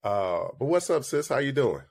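A man co-hosting a podcast in casual chat, with a slightly stuffy nose, telling stories in a relaxed, joking way over a headset mic. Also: medium pitch, moderate pace, gravelly, slightly rough. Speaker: podcast co-host.

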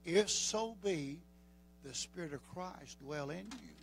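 A man with a Southern US accent preaching a sermon as pastor, folksy, rising to shouts. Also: fairly high pitch, animated, slow, creaky, slight background noise, rough recording.

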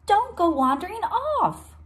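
A woman's voice: very animated, unhurried, heavily acted. A woman doing a flustered mama monkey. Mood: firm, motherly. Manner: gasping, high-pitched when alarmed. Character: flustered mother monkey, anxious and busy.

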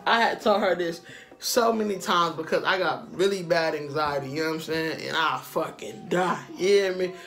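A man's voice: fairly high pitch, moderate pace, a bit bright, soft background music. A man telling a personal story in a casual vlog, slangy and profane, often turning to the listener to ask if they follow. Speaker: storytime vlogger.

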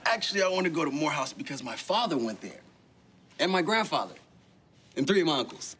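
A young man acting a calm, sincere high school senior, in a sitcom. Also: fast talker, a little hiss or hum. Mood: explaining.

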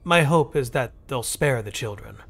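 A man doing a skeptical male alien advisor. He speaks gruffly, with a growl in his doubt. This is a storybook narration. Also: mid-range voice, lively intonation, moderate pace. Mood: doubtful.

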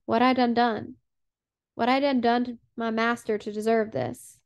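A desperate old woman pleads in dialect, her grief heavy in every word, read out by a woman narrating an audiobook. The voice sits a little high with a gravelly edge. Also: level tone, moderate pace, natural voice. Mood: grieving.

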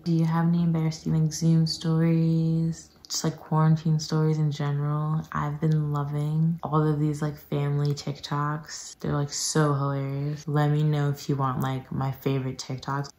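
Whispering woman with a low, gravelly voice. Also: completely flat delivery, normal speed, hardly any pauses, warm tone, roomy sound. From New York. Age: young adult. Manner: whispering, chatty, many fillers. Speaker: health educator. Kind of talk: whispered casual chat. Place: bedroom at home.

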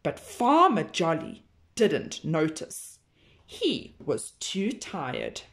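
A woman teacher reading a children's picture book aloud in a slow, expressive storytelling manner. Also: low voice.

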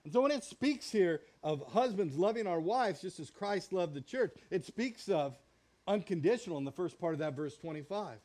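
A middle-aged man preaches from the pulpit in a folksy, joking way. His voice sits high for a man, and he slips into little acted-out quotes as he teaches. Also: animated, normal speed, mellow. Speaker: pastor. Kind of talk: sermon.

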